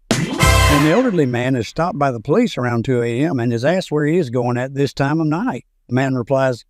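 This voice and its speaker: A man narrating a string of scripted jokes in a steady storytelling delivery. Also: mid-range voice, moderate pace, over music. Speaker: joke narrator.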